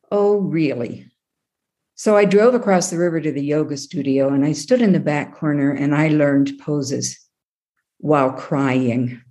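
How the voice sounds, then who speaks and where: A woman's voice: sits low, unhurried, mellow. A middle-aged woman telling a personal story in a plainspoken, reflective way, with dry asides. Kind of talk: personal story told to an audience.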